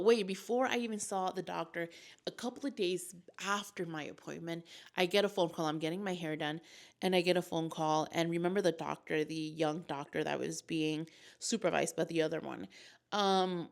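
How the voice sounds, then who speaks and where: A woman's voice: on the low side, gravelly. A young woman vlogger telling a personal story in a casual, emotional, rambling way with lots of fillers.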